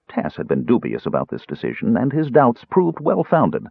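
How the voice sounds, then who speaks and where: A man narrating a fantasy story aloud in an expressive storytelling manner. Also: medium pitch, moderate pace, creaky, husky. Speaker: audiobook narrator. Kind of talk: scripted narration. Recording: tinny phone-like sound.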